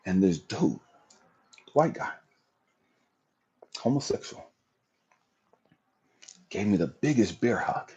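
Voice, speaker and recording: Husky low-voiced guy telling a raw story on a livestream, swings all over in pitch. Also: sing-song, slow pace, pauses often, dark tone, lo-fi sound. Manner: raw, profane, emotional storytelling. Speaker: livestream host. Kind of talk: emotional personal testimony.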